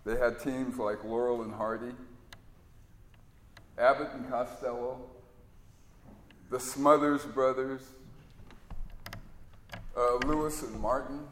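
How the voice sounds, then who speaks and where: A man's voice: mid-range voice, fairly even intonation, slow, long pauses, a bit bright, slight background noise. A male preacher giving a sermon in a conversational, storytelling way. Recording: echoey hall reverb.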